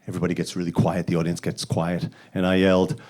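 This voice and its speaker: A man from the Bronx, performing a stand-up comedy set with deadpan setups and sudden loud punchlines. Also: deep voice, fast. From the Bronx, New York. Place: comedy stage with live audience.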